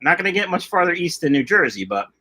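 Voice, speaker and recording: High-pitched and sing-song, he talks fast in a pushed, bright voice with a breathy edge. The middle-aged host of a fish-keeping channel keeps his livestream chatty and jokey, reading comments aloud and straying from the topic.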